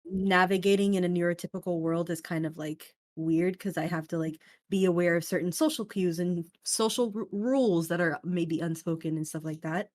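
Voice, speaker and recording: A young woman with a fairly low voice speaks as a guest in a relaxed interview. Her delivery is animated, jumping up and down in pitch, and full of "like" and "um". The sound is dry and close, with no room in it. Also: normal speed, few pauses, dry recording. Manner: animated, jumps between high and low, many fillers. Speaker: streamer and voice actor, interview guest. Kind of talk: casual interview chat.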